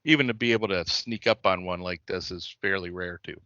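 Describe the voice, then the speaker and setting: Rambling bright-voiced male game master. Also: low-pitched, brisk, no echo. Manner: rambling, with fillers and laughs. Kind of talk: narrating a tabletop game. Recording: dull lo-fi dry recording.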